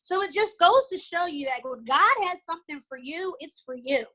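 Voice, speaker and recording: Brief: middle-aged woman, high pitch, bright tone, eager storyteller on a video call. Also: moderate pace, poor audio. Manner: animated storytelling, repeats words. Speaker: guest. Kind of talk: casual video call chat.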